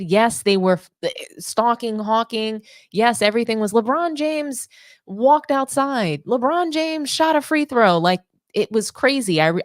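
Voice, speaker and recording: Woman sports host, sarcastic and indignant, lowish voice, dry close mic. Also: no room sound. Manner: indignant, sarcastic rhetorical questions. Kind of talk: opinionated sports commentary.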